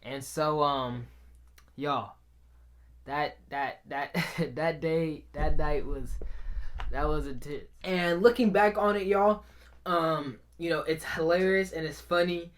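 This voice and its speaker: A young vlogger with a fairly high voice speaks slowly while telling his viewers a personal story. He's casual and animated, frequently calling out to the audience.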